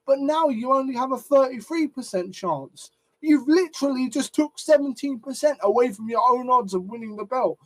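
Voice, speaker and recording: With an extremely high-pitched, animated voice at normal speed, this man rants profanely about wrestling for his commentary channel. Annoyance leaves him flustered and repeating words.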